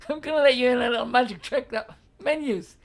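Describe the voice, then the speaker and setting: A woman's voice: a little high, moderate pace, faint music behind. A woman hosting a livestream advice chat, blunt and swearing freely, laughing often and reading out viewer comments. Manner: reads viewer chat aloud.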